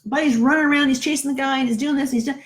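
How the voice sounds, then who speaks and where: A woman's voice: high-pitched, steady tone, rapid-fire. A middle-aged woman, a numerologist, telling a personal story in a casual, chatty way, often checking in with "right?". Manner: chatty, keeps asking "right?".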